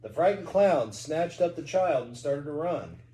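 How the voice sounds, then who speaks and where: Animated dark-voiced man reading aloud. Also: on the high side, unhurried, echoey room, a little hiss or hum, rough recording. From Kentucky. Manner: animated reading with asides to the child. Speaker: parent reading aloud to a child. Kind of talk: storybook read-aloud.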